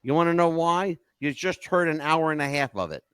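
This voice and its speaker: An older man hosting a podcast, telling stories in a lively, emotional casual chat. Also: fairly high pitch, a little fast, clean tone, dry recording. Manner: animated storyteller, emotional swings. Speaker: podcast host.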